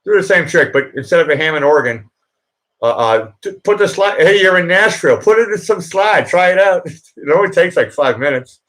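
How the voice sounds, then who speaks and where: A man's voice: high voice, expressive, brisk, fairly bright tone, low-quality recording. A man hosting a live chat show, talking bluntly and insistently and often repeating himself. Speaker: livestream host.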